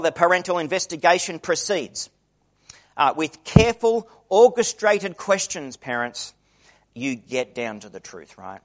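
Lively high-voiced male preacher. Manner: conversational, acts out quoted voices. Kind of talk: sermon.

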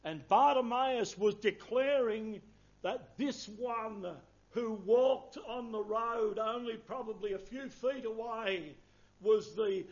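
A man's voice: sits high, lo-fi sound. A man preaching a sermon, earnest and emphatic, quoting scripture in old-fashioned wording.

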